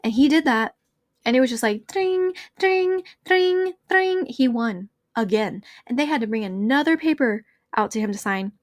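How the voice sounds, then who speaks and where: A woman's voice: a little high, brisk, dry recording, clean studio sound. A young woman hosting a podcast, telling a story in a bubbly, chatty way, full of "like" and talking straight to her listeners. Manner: bubbly, chatty, leans on filler "like", addresses listeners as y'all. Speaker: podcast host. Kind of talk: casual storytelling chat.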